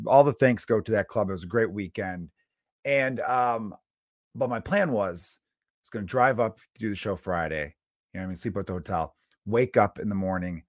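A man with a lowish voice rants alone on his podcast, swearing freely as he tells a story. He slips into acted inner voices along the way. The sound is dry and close, with no room around it. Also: a bit bright, dry recording. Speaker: comedian podcast host. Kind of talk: casual solo rant.

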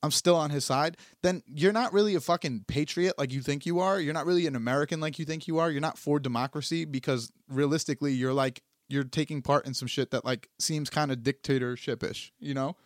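A man's voice: fairly high pitch, fairly quick, hardly any pauses, dry recording, studio quality. A young man co-hosting a podcast, talking politics in a rambling, profane, repetitive way. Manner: profane, rambling, repeats himself. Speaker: podcast co-host. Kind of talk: casual political chat.

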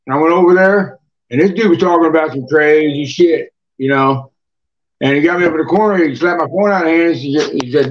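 A podcast guest rambles through rowdy, profane stories, repeating himself in casual storytelling. His voice sits fairly high and moves fairly quickly, picked up by a distant, dull lo-fi mic.

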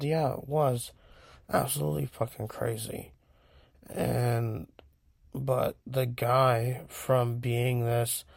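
A man from California talks through a personal story in a slow, unhurried ramble. His voice is gravelly and fairly flat, and he swears freely. The sound is close and dry. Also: mid-range voice, no room sound. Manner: frank and profane, unhurried storytelling. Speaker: vlogger. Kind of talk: casual rambling monologue.

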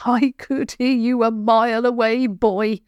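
A woman voicing a gruff, blunt old village woman who grunts and speaks abruptly. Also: a little high, flat delivery, a little slow, no echo, lo-fi sound, pitched above the performer's own voice, lightly acted. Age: older.

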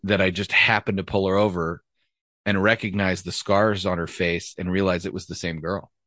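A man's voice: low-pitched, flat delivery, moderate pace, a bit bright, no room sound. A man, a former police officer, telling a story from his career in a blunt, profane, casual way. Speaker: retired police officer, podcast host.

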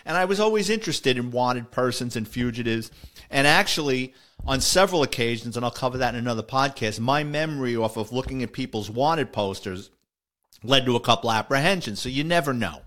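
A man's voice: medium pitch, a bit bright. A middle-aged man, a retired police officer, telling a story in a casual monologue and voicing the people in it. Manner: conversational, voices the people in his story.

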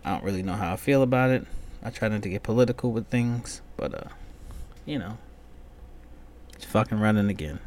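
A man's voice: on the low side, a little fast, long pauses, a little mellow, a little hiss or hum. A man hosting a casual solo podcast rant, loose, profane and rambling. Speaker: podcast host.

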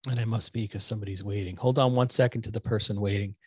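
A middle-aged man hosting a casual livestream from home, rambling and joking at his own expense, a little hoarse from talking. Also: lowish voice, fairly even intonation, fast talker, dry recording, studio quality. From Connecticut. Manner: rambling, self-deprecating, joking. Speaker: host of a nonprofit news livestream. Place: home room lit with LED lights. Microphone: desktop microphone.

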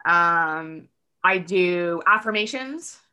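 Bright-voiced chatty woman on a podcast. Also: lowish voice, slow pace, clear, resonant tone. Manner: chatty, acts out quotes in lively voices; many "like" fillers. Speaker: podcast guest. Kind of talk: casual podcast conversation.

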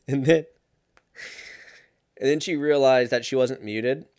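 A young man telling a casual story in a sarcastic, profane, animated way. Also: mid-range voice, takes it slowly, dry recording, studio quality.

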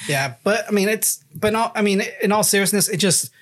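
A man co-hosting a podcast, earnest and a little halting, leaning on "you know". He talks fast in a slightly raised voice, in loose casual chat. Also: sits high, a bit bright. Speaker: podcast co-host.

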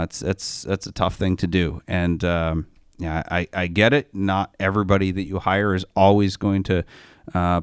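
A man with a fairly low voice hosts a car talk show in a studio, recorded close and dry with almost no room sound. He tells stories in a blunt, joking way and drops casual slang. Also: smooth, dry recording. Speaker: podcast host. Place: podcast studio.

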